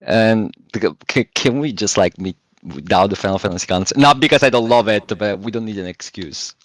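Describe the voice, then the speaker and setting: A man with a slightly low voice asks his last question and chats with a friend in a warm, affectionate way. He sounds close and dry. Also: lively intonation, a little fast, no echo. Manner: warm, affectionate, laughs a lot. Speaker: interviewer asking questions. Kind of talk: casual chat.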